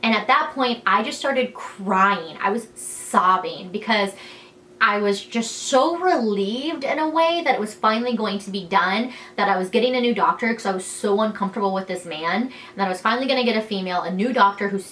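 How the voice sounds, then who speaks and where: This is a young woman chatting straight to the camera, frank and easygoing, her voice sitting at an ordinary pitch for a woman. She keeps dropping in "like" and "you know" and slips into quoting other people as she goes. A faint noise hums under the recording. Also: brisk, a bit bright. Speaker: vlogger telling her birth story. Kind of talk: candid storytime vlog.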